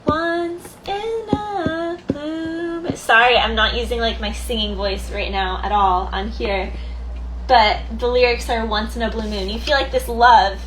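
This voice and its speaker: A woman's voice: mid-range voice, fairly even intonation, normal speed, background noise. A woman doing a casual tarot card reading, chatty, thinking aloud and laughing easily. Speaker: tarot reader.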